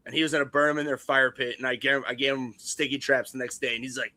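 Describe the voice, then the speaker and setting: A man's voice: mid-range voice, little pitch movement, racing, hardly any pauses, no echo. A man co-hosting a movie podcast, talking loosely with laughs and plenty of swearing. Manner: loud, laughing, swears a lot. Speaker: podcast co-host. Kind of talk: casual movie chat.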